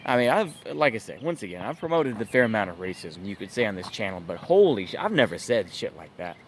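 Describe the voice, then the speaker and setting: A man's voice: fairly low pitch, sing-song, fast talker, a little hiss or hum. Exasperated man ranting to camera. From United States. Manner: exasperated, incredulous, lots of filler like "it's just like" and "bruh". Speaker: channel host, political commentator. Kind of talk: ranting vlog commentary.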